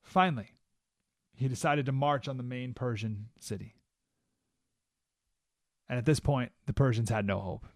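A man's voice: mid-range voice, moderate pace, long pauses, dry recording. A man hosting a talk radio show, giving an emphatic monologue full of rhetorical questions in a studio. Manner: emphatic, rhetorical questions, keeps asking "right?".

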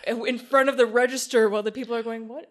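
A woman co-hosts a podcast, chatting casually and telling stories with animation, acting out what people said. Her voice is a little high and she talks fast.

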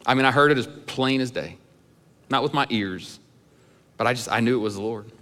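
A man's voice: medium pitch, fairly quick, fairly bright tone, in a large hall. A middle-aged male pastor preaching in a church sanctuary, telling candid personal stories in a conversational way with some humor. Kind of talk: sermon.

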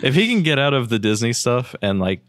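A man's voice: medium pitch, sing-song, brisk, fairly bright tone, no room sound, studio quality. A man chatting casually, laughing often and swearing easily. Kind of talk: casual chat.

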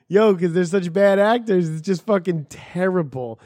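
A man co-hosting a podcast, telling stories in a profane, animated way. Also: high voice, moderate pace, no echo. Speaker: podcast co-host. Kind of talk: casual chat.

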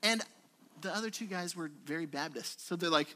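A man's voice: on the high side, brisk. A man preaching a conversational sermon in a church, telling stories and acting out quotes. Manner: conversational, animated storytelling with acted-out quotes. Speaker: pastor.

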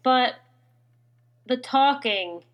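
A woman's voice: sits high, animated, drawn-out words. A young woman co-hosting a casual podcast, sleepy and yawning, giggling as she chats. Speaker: podcast co-host. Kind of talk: casual chat.

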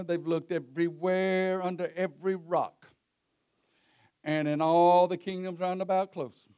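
A man preaching a sermon, telling the story in a folksy way that swings between low murmurs and shouts. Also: flat delivery, moderate pace, clear, resonant tone.

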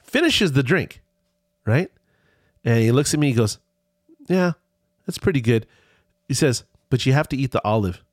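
Animated man telling a rambling story. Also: mid-range voice, normal speed, pauses often, dry recording, clean studio sound. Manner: rambling, animated, with many restarts. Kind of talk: casual storytelling chat.

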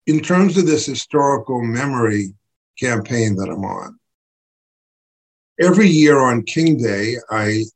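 A man giving an impassioned political talk as an activist writer, emphatic and building to forceful bursts. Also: medium pitch, husky, poor audio.

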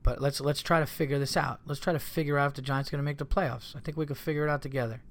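A man's voice: fairly high pitch, fairly even intonation, very fast. Rambling, cursing male podcast host. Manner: rambling, profane, easily exasperated. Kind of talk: casual solo podcast chat.

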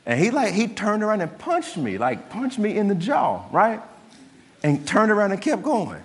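A male pastor preaching a sermon in an animated way, often asking his listeners rhetorical questions. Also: sits high, moderate pace, a little hiss or hum. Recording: long hall reverb.

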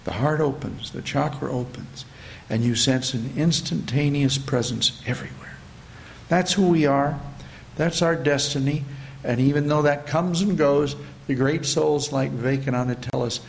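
A man giving a spiritual talk to a gathering, slow and reflective, often repeating his phrases. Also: medium pitch, creaky, slight background noise. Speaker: spiritual teacher.

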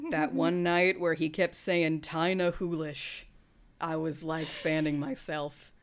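A woman's voice: low voice, fairly even intonation, unhurried. A woman co-hosting a podcast in casual chat, talking animatedly, swearing freely and laughing often. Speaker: podcast co-host.

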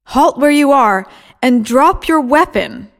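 A woman's voice: high-pitched, lively intonation, slow pace, pitched above the performer's own voice, heavily acted. A woman voicing a young, beardless stonemason's apprentice who stammers and gets defensive when caught out. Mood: stern.

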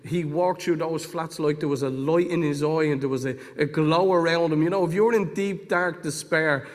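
Fervent preacher in a reverberant hall. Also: male voice, on the high side, normal speed. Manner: storytelling, swings from hushed to fervent. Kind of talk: testimony sermon.

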